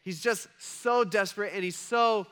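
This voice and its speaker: A man's voice: sits high, measured pace, fairly bright tone, smooth. A man preaching a sermon in a conversational way, with frequent asides to his listeners. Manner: conversational, frequent asides and check-ins with the audience. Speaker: pastor.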